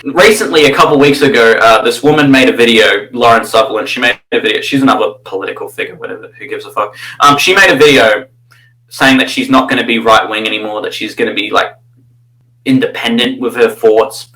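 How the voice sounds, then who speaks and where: A man's voice: medium pitch, brisk, sharp tone, poor audio. An Australian man giving rambling, crude, mocking commentary, full of fillers and restarts. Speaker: channel host.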